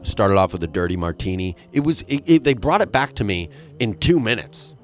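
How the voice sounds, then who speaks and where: A man's voice: fairly low pitch, big pitch swings, a little fast. A man hosting a podcast, rambling through a comic solo monologue with crude asides and jumping into acted voices for the people he quotes. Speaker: podcast host.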